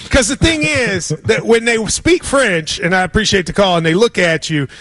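Excitable high-voiced male radio host. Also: no echo. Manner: excitable, interrupts, quick asides. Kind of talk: casual sports radio banter.

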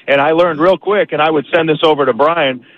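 A man's voice: fairly high pitch, brisk, dry recording. A man from the Upper Midwest calling in to a sports show, telling a joking story. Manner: jokey, storytelling. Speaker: caller. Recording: dull phone-line audio.

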